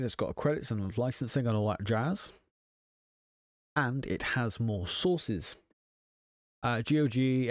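Wry man walking through a software install. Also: medium pitch, no room sound, studio quality. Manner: wry, self-deprecating asides. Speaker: tech channel host. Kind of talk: casual software tutorial.

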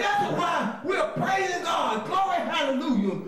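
Guy leading a bible class, loud and high pitched, laughing, lots of room echo. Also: normal speed, distant mic, a crowd in the background. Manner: energetic, often shouting, spells words letter by letter; laughs often, coaxing the class to repeat. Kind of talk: call-and-response Bible lesson. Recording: very echoey room.

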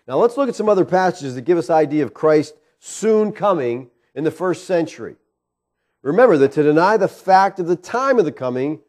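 A man's voice: fairly high pitch, mellow. A man preaching a sermon as pastor, emphatic and asking the congregation rhetorical questions.

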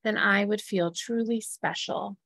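A woman voicing a small apple tree that longs for stars, speaking in a soft pleading way in a storybook reading. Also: mid-range voice, steady tone, a little slow, no echo. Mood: longing.

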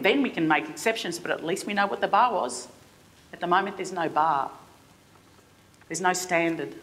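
A middle-aged woman with an Australian accent giving a conference keynote in an impassioned, halting way, often restarting her sentences. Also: mid-range voice, a bit bright. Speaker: keynote speaker. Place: theatre forum stage.

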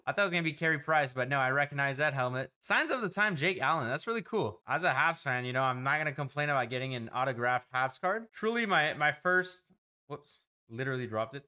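An excitable man talks through a card-opening video, listing player names quickly and breaking into exclamations. His voice sits a little high for a man and sounds bright and forceful. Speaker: host opening hockey card packs. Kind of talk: casual card-opening commentary.

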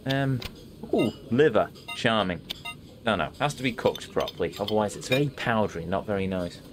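A man's voice: fairly low pitch, lively intonation, moderate pace, noisy background. A man giving let's play commentary as a gaming host, with dry self-mocking asides. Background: game music.

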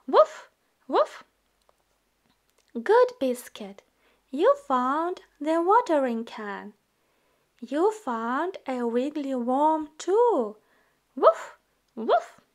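A woman reading a children's picture book aloud into a phone, slow and gentle, with some words hushed. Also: high-pitched. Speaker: storybook reader.

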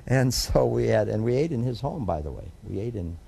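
In this oral history interview, an older American judge tells a long family story, rambling and restarting with plenty of fillers. His medium-pitched voice is expressive, fairly quick, creaky, warm and husky.

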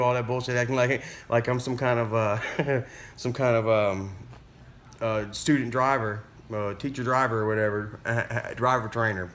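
A man in a casual vlog, recounting a story in a relaxed, rambling way. His voice sits in a middle pitch, and he stumbles through restarts and fillers while swearing casually. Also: moderate pace. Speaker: vlogger.

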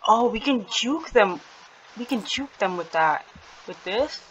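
A young woman playing a horror game with a friend, talking in quick frantic bursts, gasping, swearing and shouting warnings. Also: mid-range voice, expressive, highs cut off, slight background noise. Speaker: gamer.

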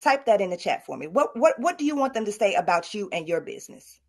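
A woman's voice: medium pitch, very animated, fast, a little mellow. A middle-aged woman giving a motivational talk at an online summit and coaching her audience directly. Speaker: speaker.

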